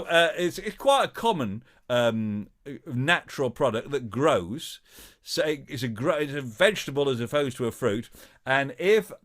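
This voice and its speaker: A man hosting a live-streamed quiz, chatting in a halting way with lots of filler sounds and reading out viewers' guesses playfully. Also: mid-range voice, a bit bright. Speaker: host of a live-streamed show.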